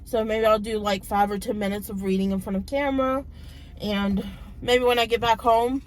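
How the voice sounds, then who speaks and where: A woman in her thirties, a book vlogger, chatting casually and retelling a plot in a rambling way, her voice a little hoarse from talking so much. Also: fairly high pitch, fairly even intonation, normal speed, poor audio. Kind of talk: casual book vlog chat.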